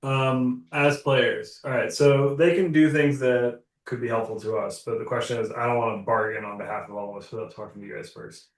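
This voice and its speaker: A man's voice: mid-range voice, level tone, a little fast, hardly any pauses. A man playing a tabletop game, thinking aloud and laying out points for the group. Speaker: player. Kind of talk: tabletop game strategy chat. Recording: roomy sound from a distant mic.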